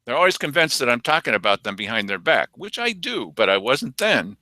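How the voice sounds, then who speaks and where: A man's voice: medium pitch, sing-song, a little fast, sharp tone, dry recording. A man hosting a local news commentary show, talking casually and quoting people in mocking voices.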